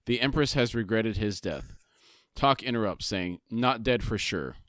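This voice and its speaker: A man's voice: on the low side, a little slow, fairly bright tone, no room sound. Man recapping a fantasy novel, dry sound. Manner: recaps the story, reading dialogue aloud in plain tones. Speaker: podcast co-host. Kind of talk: casual chat and plot recap.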